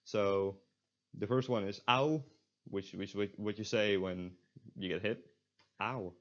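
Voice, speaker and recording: Guy teaching beginners how to say vowels, lowish voice, kinda muffled lo-fi audio. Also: a bit bright. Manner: explanatory, repeats sounds slowly for learners, self-deprecating asides. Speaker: language teacher. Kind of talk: recorded online language lesson.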